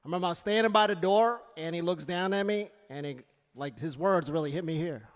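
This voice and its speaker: A man doing a stand-up comedy set on a club stage, punchy and loud, with asides to the crowd. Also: fairly high pitch, fairly quick. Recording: reverberant comedy club hall.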